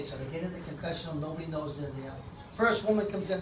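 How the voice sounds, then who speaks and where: A man's voice: on the high side, fast, noisy background. A man telling jokes on stage in a comedy club, folksy, putting on voices for the people in them. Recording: echoey club from far off.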